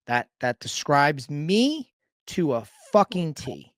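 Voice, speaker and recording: A man's voice: fairly high pitch, sing-song, takes it slowly, no echo, clean studio sound. A man in a conversation telling his own recovery story in a rambling, candid and casual way, with the odd swear word. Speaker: sobriety coach and guest storyteller.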